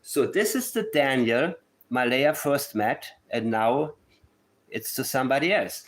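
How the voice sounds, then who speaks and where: A man's voice: mid-range voice, lively intonation, a little slow. A man hosting a true-crime livestream, talking to his chat in a sarcastic, mock-emotional way. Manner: reads letters aloud in a syrupy mocking tone. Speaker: livestream host.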